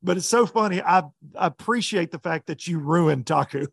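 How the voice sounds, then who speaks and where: A man, a professional bass angler, telling a story in casual chat with laughs along the way. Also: normal speed, vocal fry, slightly rough, no echo, studio quality.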